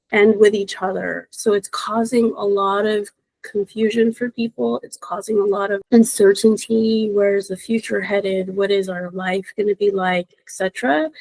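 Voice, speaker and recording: A woman intuitive reader in casual podcast chat, expressive and encouraging, laughing often. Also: mid-range voice, no echo, poor audio.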